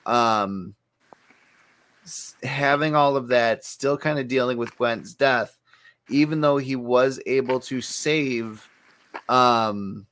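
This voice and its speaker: A man in the middle of his usual pitch, chatting easily on a comics podcast. He talks in a loose, rambling way, laughs a lot and builds out long theories step by step. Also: slow, slight background noise. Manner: relaxed, laughs often, lays out fan theories at length. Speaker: podcast co-host. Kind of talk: casual chat.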